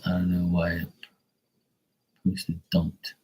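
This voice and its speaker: A man talking casually to his livestream viewers, blunt and quick to swear. His voice sits low and sounds husky. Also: little pitch movement, darkish tone, poor audio. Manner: profane, blunt, chatty. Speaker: live tarot reader streamer.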